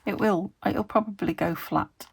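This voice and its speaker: A woman's voice: medium pitch, a little slow, gravelly, slight background noise. A woman from the UK chatting casually to camera as she makes a craft, meandering and talking to herself as she works. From United Kingdom. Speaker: crafting video host.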